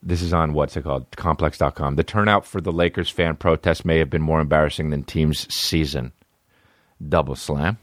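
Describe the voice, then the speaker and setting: A man's voice: very deep voice, fairly even intonation, a little fast, hardly any pauses, no echo, studio quality. A male comedy podcast host talking in a crude, rambling way, mocking and profane, dropping to mumbles and then bursting out. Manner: profane, mocking, swings between mumbling and outbursts. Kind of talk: crude rambling comic chat.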